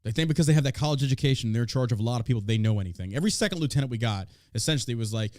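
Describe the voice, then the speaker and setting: A man from the United States hosting a podcast, ranting in a crude, mocking, animated way about politics. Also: mid-range voice, racing, hardly any pauses, no echo, clean studio sound. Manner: animated, crude, mocking, puts on silly voices for others. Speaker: podcast host. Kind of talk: profane political podcast rant.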